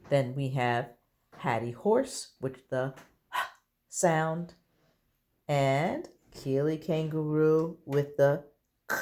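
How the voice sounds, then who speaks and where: A woman teaching a recorded early-grade reading lesson, slow and deliberate, encouraging the children. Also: low-pitched, darkish tone.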